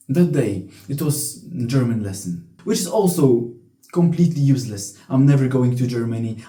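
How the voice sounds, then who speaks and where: Young man, blunt profane rant, very dark voice, echoey room. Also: mid-range voice. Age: young adult. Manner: blunt, profane, frequent restarts. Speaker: vlogger. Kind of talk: casual storytelling rant.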